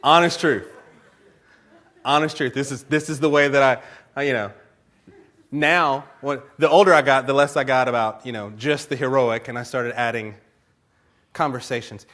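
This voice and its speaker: A man's voice: medium pitch, moderate pace, pauses often. A male pastor preaching in church, telling stories with lots of laughter and acting out little conversations. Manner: animated storytelling, laughs often, acts out conversations. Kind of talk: sermon.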